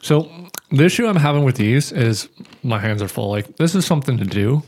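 A man of middling pitch co-hosting a relaxed podcast. He talks in a plain, matter-of-fact way and lays out details one by one. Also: brisk. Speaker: podcast co-host. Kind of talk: casual chat.

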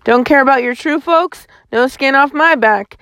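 A cold, sly grown villain who wheedles and snarls, pitched a little high and pushed forward, as a woman reader puts him on. The voice sits close and dry, with no room around it. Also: lively intonation, moderate pace, a bit bright, dry recording. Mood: sly bargaining.

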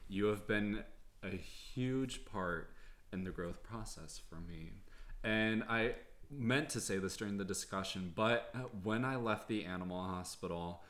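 A young man hosts a podcast in casual chat, speaking earnestly and warmly thanking his guest. His voice is deep, with a bright, forceful tone. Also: unhurried. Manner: earnest, grateful. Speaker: podcast host.

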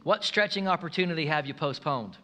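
Male pastor, emphatic storytelling sermon, bright tone. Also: on the high side, fairly quick. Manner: energetic, emphatic preaching with storytelling. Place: church sanctuary.

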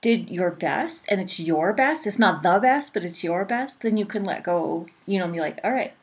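A woman's voice: lowish voice, normal speed. Thirties woman co-host, easygoing chatter, loose and conversational. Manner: chatty, relaxed, lots of "like" and "you know", swears casually. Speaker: podcast co-host. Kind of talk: casual chat.

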